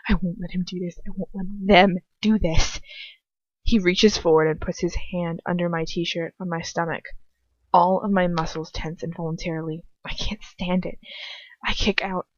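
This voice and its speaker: A woman's voice: on the low side, steady tone, moderate pace, no echo, dull audio. A woman reading first-person fan fiction aloud at home, stopping for chatty asides and laughing at herself. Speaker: amateur audiobook reader.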